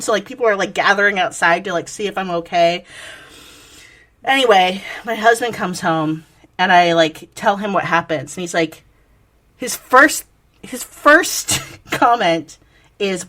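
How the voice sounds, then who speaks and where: A woman's voice: mid-range voice, moderate pace, fairly bright tone. A woman co-hosting a podcast, telling a story in casual chat with frequent laughter and swearing. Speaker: podcast co-host.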